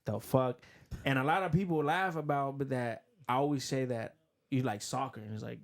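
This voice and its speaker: A man hosting a podcast, chatting casually and telling stories in which he acts out the dialogue. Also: mid-range voice. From Cuban and Puerto Rican family. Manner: rapid storytelling, acts out quoted dialogue. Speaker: podcast host. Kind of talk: casual chat.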